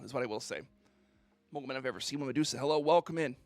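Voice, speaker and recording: A man's voice: a little high, expressive, a little fast, pauses often, no echo. A man streamer ranting on a casual livestream, mock-indignant and theatrical, who keeps asking "okay?".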